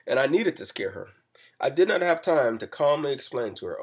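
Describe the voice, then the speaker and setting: A man with a slightly husky, mid-pitched voice recounts a tense personal story. He speaks calmly and methodically, explaining each step as he goes. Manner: calm and measured, rising to loud reenactments. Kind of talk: spoken personal account, explanatory.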